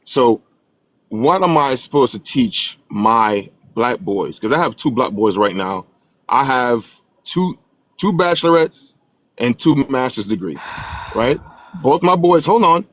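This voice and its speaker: A middle-aged man calling in for advice on an online call, halting and repeating himself as he tries to make his point. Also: mid-range voice, expressive, no room sound. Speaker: caller seeking advice. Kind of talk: heated casual debate.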